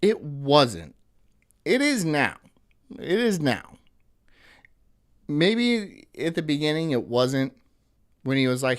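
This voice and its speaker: A man's voice: fairly high pitch, sing-song, slow pace, long pauses. A man hosting a livestream, ranting profanely and animatedly about news clips. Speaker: livestream host.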